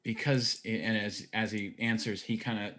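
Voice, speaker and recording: A man narrating as dungeon master in a casual tabletop game, slowing down to voice tavern characters. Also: fairly low pitch, steady tone, fairly bright tone.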